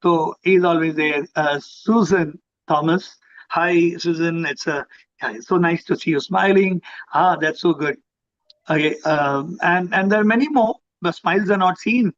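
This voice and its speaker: A middle-aged Indian-accented man speaks to parents in a fairly high voice, repeating phrases and acting out little scenes. The sound is dull and lo-fi, as heard through a video call. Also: unhurried. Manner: animated, repeats himself, acts out parents and children. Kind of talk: motivational talk on a video call.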